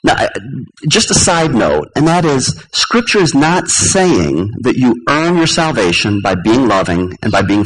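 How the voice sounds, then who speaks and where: A man's voice: medium pitch, a bit bright, breathy edge, low-quality recording. A male pastor giving a conversational sermon to his congregation. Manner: conversational, chuckles and asks the congregation questions.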